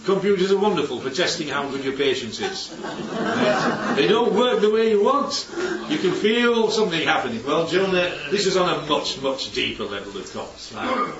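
This is a conversational sermon: a man preaches casually, his voice rising and falling widely as he repeatedly asks the congregation rhetorical questions. His voice sits high and sing-song, at normal speed with few pauses. He's far from the mic in an echoey church hall, the sound is somewhat dull, and there's faint background noise with a crowd audible behind him.

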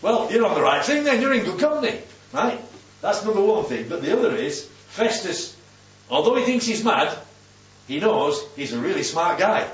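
Animated preacher, heard from afar. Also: male voice, high-pitched, moderate pace. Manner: conversational, keeps asking "yeah?". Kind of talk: Bible teaching sermon. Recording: distant, roomy, dull recording with faint hum.

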